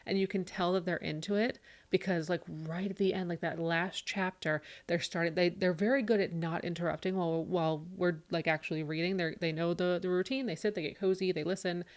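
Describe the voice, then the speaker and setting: A woman in her thirties chatting on a podcast, telling animated stories and acting out her kids' voices. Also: on the low side, fairly quick, few pauses. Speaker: podcast co-host. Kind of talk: casual chat.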